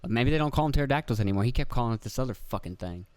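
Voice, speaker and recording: A man in his thirties from Pennsylvania hosts a podcast and rambles through profane stories about his kids. His voice is smooth and clear, and it sits close and dry on the mic with no room sound. He breaks into other people's voices as he goes. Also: medium pitch, lively intonation, racing, darkish tone, dry recording. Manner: profane, rambling storyteller who acts out quoted voices. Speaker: podcast host. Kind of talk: casual rambling monologue.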